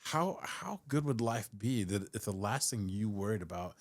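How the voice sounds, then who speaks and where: A man's voice: on the low side, expressive, moderate pace. A man hosting a casual chat, asking reflective questions and repeating words as he searches for them. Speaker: podcast host.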